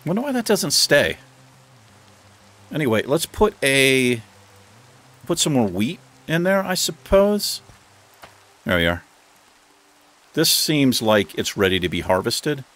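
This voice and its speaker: A man casually narrating his own game as he plays, chatting to the animals and now and then jumping into high, excited bursts. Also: slow pace, long pauses. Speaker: gaming host. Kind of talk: casual let's play commentary.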